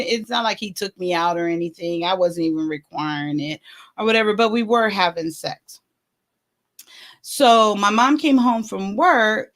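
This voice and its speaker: A woman hosting a vlog, telling a personal story in a candid, halting way with many fillers. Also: medium pitch, fairly bright tone. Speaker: vlog host.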